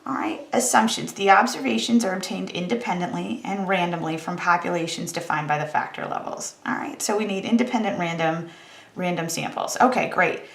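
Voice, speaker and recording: Casual woman stats teacher, gravelly. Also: lowish voice, brisk, reverberant. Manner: casual, conversational, wry about tedious calculations. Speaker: statistics teacher. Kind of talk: recorded math lecture.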